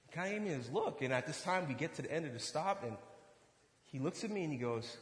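Guy preaching a sermon, super animated pitch, echoey church hall. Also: fast. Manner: animated storytelling, acts out dialogue. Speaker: pastor. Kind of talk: sermon with personal story.

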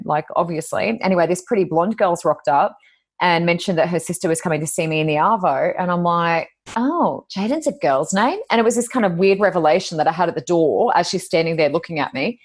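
An Australian woman, a psychic medium and podcast co-host, chatting casually and telling animated stories with high-pitched exclamations. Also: brisk. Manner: animated storyteller, acts out quotes with high exclamations. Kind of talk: casual chat.

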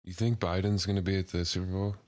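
A man's voice: low-pitched, fairly even intonation, fast talker, darkish tone, no echo. A young man co-hosting a podcast in casual chat, laid-back, laughing often, with short dry replies. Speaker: podcast co-host.

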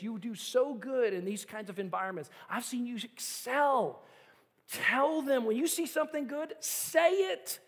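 Middle-aged male pastor, high tenor, earnest and emphatic preaching, long hall reverb. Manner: earnest storytelling, building to emphatic repeated appeals. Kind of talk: sermon. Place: church sanctuary.

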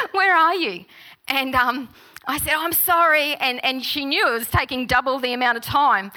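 A middle-aged woman preaching a sermon, telling personal stories and reading scripture slowly. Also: high-pitched. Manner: warm, personal storytelling with gentle laughs; slow, unhurried reading of scripture.

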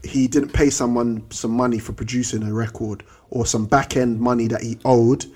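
Husky guy hosting a podcast, slangy, tells stories with lots of energy. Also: mid-range voice, moderate pace. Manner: slangy, animated storyteller. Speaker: podcast host. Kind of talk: casual chat.

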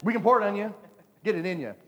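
A high-pitched man talks quickly with lively intonation and a sharp tone, though the audio sounds dull. As pastor, he preaches a playful, story-filled sermon in a church sanctuary, joking with his congregation while a long hall reverb lingers.

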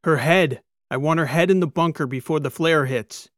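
A man voicing a starship captain who shouts urgent orders to his crew. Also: a little high, moderate pace, no echo, clean studio sound, voice pushed up, close to an everyday voice. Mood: commanding. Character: commanding male starship captain in a crisis.

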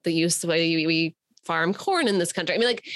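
A woman's voice: fairly low pitch, brisk, a bit bright, no room sound. A woman talking as a podcast guest, thoughtful and reflective, with many "like"s and "right?"s. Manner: thoughtful, heavy use of "like" and "right?". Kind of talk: conversational discussion.

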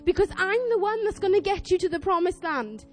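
A young woman voicing God as a tender, fatherly male figure, calling people back in a gentle, coaxing, pleading way. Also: very high voice, expressive, brisk, pitched above the performer's own voice. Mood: pleading tenderly.

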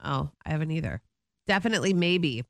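A woman's voice: sits low, lively intonation, gravelly, a bit bright, dry recording, studio quality. A middle-aged woman co-hosting a morning radio show, chatting casually and rambling through her day. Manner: chatty, rambling, quick asides. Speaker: radio co-host.

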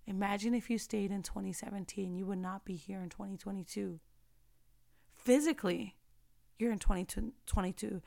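A woman's voice: medium pitch, vocal fry, a little mellow. A young woman giving a passionate faith-based motivational talk, preaching and repeating phrases for emphasis. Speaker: faith vlogger.

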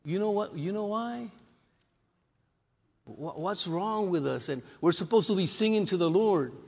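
A man delivers a sermon in a fairly high voice, calling out for witnesses and amens and mixing scripture with jokes. His words ring with a long reverb from the church hall around him. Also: measured pace, gravelly. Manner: lively preacher with call-and-response and humor. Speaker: pastor. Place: church sanctuary.

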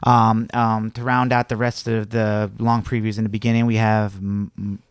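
Chill guy recapping tv on a podcast, smooth clean voice, lots of likes and ums, dry close mic. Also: fairly low pitch, moderate pace, no room sound. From part Colombian, part Indian heritage. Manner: relaxed, rambling with many fillers. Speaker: podcast co-host. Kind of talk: casual chat recapping a reality dating show.

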